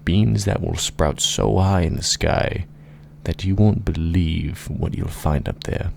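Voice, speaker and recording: A man voicing a grand old male wizard who proclaims his words slowly. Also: sits low, creaky, slight background noise, heavily acted.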